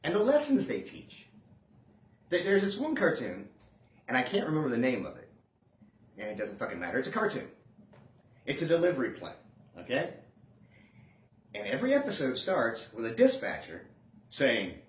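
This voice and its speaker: A man doing a stand-up comedy set, sarcastic and animated, swinging between loud outbursts and hushed asides. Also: fairly high pitch, normal speed, pauses often. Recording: dull lo-fi sound in a roomy space.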